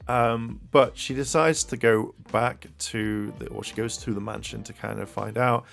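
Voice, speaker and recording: A man reviews a show episode in a loose, chatty way, stumbling through fillers and restarts. His voice sits in a middle pitch and often rises when he gets excited. Soft music runs faintly underneath. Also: moderate pace, creaky. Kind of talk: casual video review.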